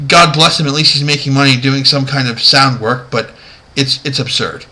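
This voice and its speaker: A man's voice: mid-range voice, moderate pace, sharp tone, low-quality recording. A man vlogging a casual, rambling and amused commentary that counts down his favorite movie moments. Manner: chatty, rambling, amused, many fillers.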